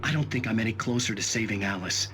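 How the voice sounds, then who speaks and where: An actor playing a frightened male writer in a game, speaking in a tense, halting confession. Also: lowish voice, faint music behind. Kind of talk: video game monologue. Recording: loud background noise.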